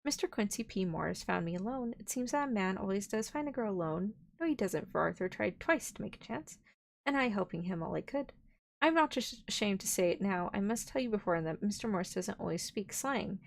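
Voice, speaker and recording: A woman's voice: medium pitch, lively intonation, brisk, gravelly. A woman streamer reading a classic novel aloud, breaking off for playful asides and giggles. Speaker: vtuber streamer.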